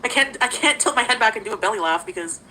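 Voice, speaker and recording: A chatty woman on a livestream with a high, bright, bouncy voice. She greets viewers by name and giggles often. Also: animated, fast, a little hiss or hum, low-quality recording. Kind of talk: casual livestream chat.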